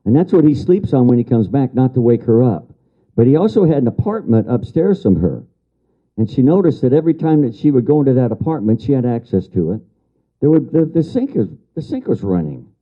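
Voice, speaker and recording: A man's voice: medium pitch, very animated, fairly quick. An older man giving a lecture as a story to an audience, repeating key phrases for emphasis and answering remarks from the room. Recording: dull lo-fi lecture recording.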